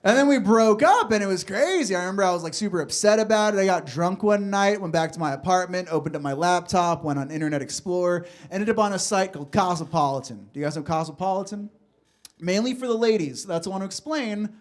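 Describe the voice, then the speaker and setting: A man's voice: high voice, animated, fast talker. A man performing a stand-up comedy set on a club stage, chatty and loose, often laughing and talking to the crowd. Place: comedy club stage before a live audience.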